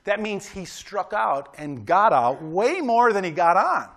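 A man delivers a sermon in a loose, chatty style, tossing "right?" out to his congregation between points. His voice sits notably high for a man. He pushes hard when he exhorts his listeners to try harder and train to win. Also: sing-song, a little slow, a bit bright. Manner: conversational preaching with frequent "right?" asides; emphatic, exhorting. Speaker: pastor.

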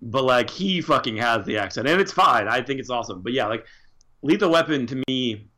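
Bright-voiced man, sweary and enthusiastic. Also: medium pitch, lively intonation, brisk. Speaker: podcast co-host. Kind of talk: casual chat.

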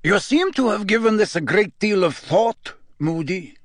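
A man reading aloud and voicing a cold, sneering male headmaster in a higher, mocking tone. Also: expressive, normal speed, no room sound, studio quality. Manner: mocking, condescending.

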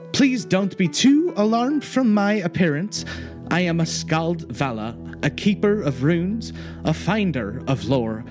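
A man voicing an earnest male keeper of runes and lore, introducing himself politely. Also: fairly high pitch. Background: music.

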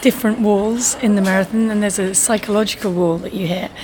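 A woman runner talks as a podcast guest, relaxed and unhurried. Her voice sits at a moderate pitch, and she laughs easily. A faint layer of noise sits under her voice. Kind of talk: casual interview.

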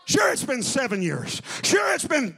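A man preaching an impassioned revival sermon, shouting and calling out to the congregation. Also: extremely high pitch, wildly swooping pitch, unhurried, gravelly, slightly rough.

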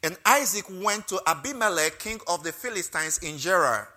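Male pastor, sermon with testimony; high and piercing, emotional, punches key phrases. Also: lively intonation, normal speed, soft background music. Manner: emotional storytelling, rising loud on key phrases.

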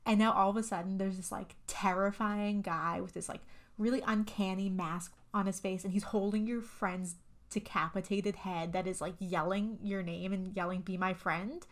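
A woman's voice: mid-range voice, steady tone, moderate pace. Rambling, cussing woman recapping a film. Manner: rambling, profane, lots of fillers. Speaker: podcast co-host. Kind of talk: casual horror movie recap.

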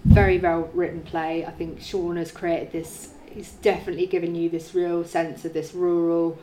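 A woman actor speaks eagerly in an interview, her voice sitting a little low. She often restarts her sentences as she gathers her thoughts. A faint hiss of noise sits under the recording. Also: flat delivery, normal speed, warm tone. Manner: enthusiastic, many restarts. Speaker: lead actor. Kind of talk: casual interview.

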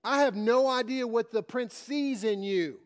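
A man's voice: high-pitched, brisk, natural voice. A man voicing a crusty old male caterpillar who complains constantly and talks rudely and tersely. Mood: annoyed.

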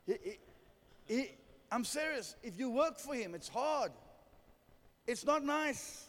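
A man's voice: very high voice, expressive, slow, long reverb tail. A man preaching a sermon, telling a humorous story and calling for amens. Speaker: pastor.

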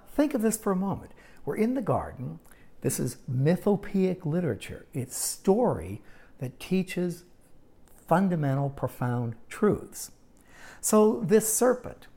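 A woman teaching a Bible lesson in sermon style, storytelling with dramatic pauses and wry asides. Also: low-pitched, warm tone.

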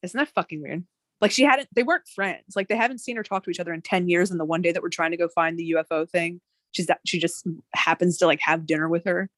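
A woman in her thirties telling a story in casual conversation, animated, with many fillers and swearing. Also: lowish voice, fast talker, no echo. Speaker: guest.

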